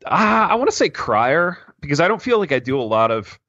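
A man's voice: fairly quick, no echo. A man co-hosting a podcast in a casual, jokey, teasing way. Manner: jokey, teasing, animated pitch jumps. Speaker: podcast co-host. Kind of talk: casual chat. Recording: dull, slightly lo-fi dry sound.

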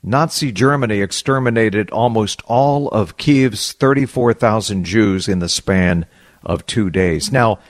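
A man's voice: lowish voice, unhurried, no room sound, clean studio sound. A man co-hosting a talk radio show, chatting in a conversational way with fillers. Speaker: radio co-host.

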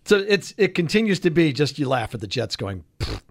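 A man's voice: on the high side, a little fast. A man co-hosting a sports radio show in casual, self-mocking banter. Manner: joking, self-mocking, animated.

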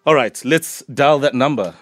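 A man hosting a morning radio show, with a loud, upbeat presenter delivery. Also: mid-range voice, normal speed, no room sound, studio quality. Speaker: radio host.

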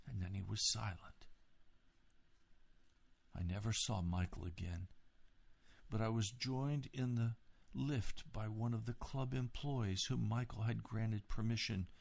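A man reading a memoir aloud as an audiobook, in a measured, steady way. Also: fairly low pitch, gravelly. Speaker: audiobook reader. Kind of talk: scripted memoir narration.

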